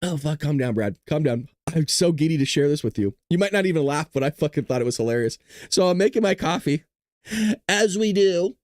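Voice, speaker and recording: A man's voice: a little high, animated, fairly quick, darkish tone, no echo, clean studio sound. A man hosting a casual news commentary stream who swears, jokes, and keeps breaking into giggles, sounding tired from staying up late. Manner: profane, joking, breaks into giggling laughter. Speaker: host.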